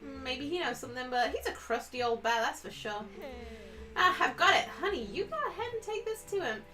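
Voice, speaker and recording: A woman's voice: high-pitched, lively intonation, brisk, pushed and bright. A woman voicing a sassy, flirty barmaid who drawls and teases. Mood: coaxing. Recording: distant mic with faint music.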